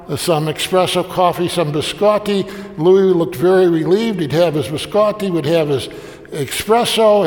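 A man's voice: sits high, in a large hall. An older man telling a family story in a sermon, folksy and anecdotal, slipping briefly into the voices of the people in it. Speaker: preacher.

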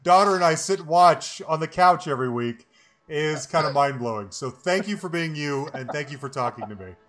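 A man's voice: fairly high pitch, animated, a little fast, fairly bright tone. A male podcast host who talks casually, agreeing readily and rambling with many fillers. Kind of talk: casual podcast chat and outro. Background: music.

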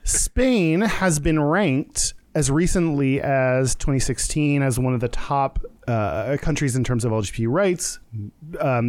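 A man's voice: medium pitch, darkish tone, no room sound. A man co-hosting a casual podcast chat, joking and laughing often. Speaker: podcast co-host.

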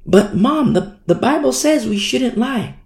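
A man putting on the voice of a young daughter questioning her parents, high and soft. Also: expressive, unhurried, gravelly, heavily acted. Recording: echoey room.

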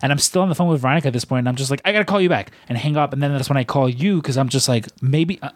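A man's voice: mid-range voice, rapid-fire. A man hosting a casual chat, telling a story with many restarts and laughs. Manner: rambling, restarts a lot, laughs while telling.

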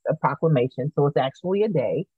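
A woman guest in a podcast interview, telling a lively story and acting out the voices of the people in it. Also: deep voice, quick pace, breathy edge, dry recording. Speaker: guest, artist and activist. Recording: thin, phone-like sound.

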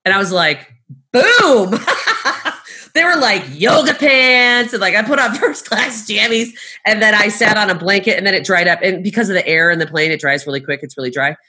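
A middle-aged woman, a travel agent, telling stories in casual conversation, animated and laughing often as she acts out what people said. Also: mid-range voice, fairly quick, slightly rough.

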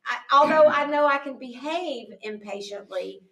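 Woman, fairly high voice, podcast guest, earnest and animated, lots of restarts, roomy echo. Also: normal speed. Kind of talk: casual conversational interview. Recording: echoey room, distant mic.

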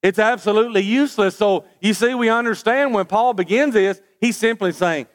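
A man's voice: high-pitched, a little fast. A man preaching a sermon, asking rhetorical questions with folksy asides and stammered restarts.

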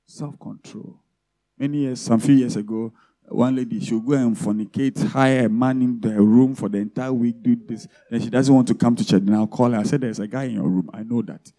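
A man preaching to his church, his voice dark and mellow. He keeps asking the congregation questions as he goes. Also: mid-range voice, fairly even intonation, a little fast. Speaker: pastor. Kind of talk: sermon.

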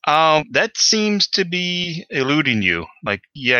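A man narrating as game master in a tabletop game, halting with many fillers. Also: mid-range voice, pushed and bright, no room sound, muffled recording.

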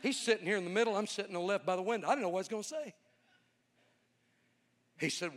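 A man's voice: high voice, fast, long pauses. A man preaching a storytelling sermon, folksy and conversational, swelling into a fervent preaching cadence. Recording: long reverb of a large hall.

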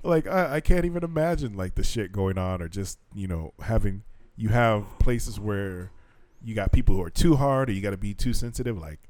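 With a lowish voice and moderate pace, this podcast co-host trades casual chat, cursing and laughing through lively stories. There's no room sound in the recording.

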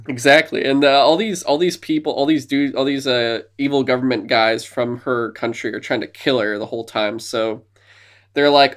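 Excited man retelling a movie. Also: medium pitch, a little fast. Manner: enthusiastic retelling of movie scenes, slipping into silly voices. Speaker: podcast co-host. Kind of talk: casual podcast chat.

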